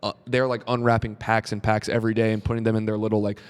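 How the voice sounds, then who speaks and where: A man's voice: fairly low pitch, level tone, quick pace, clear, resonant tone, big-room sound. A young man guesting on a comedy podcast, chatting casually with lots of filler words and jokey asides. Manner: chatty, full of likes, puts on voices when quoting himself. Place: podcast room at a comedy club.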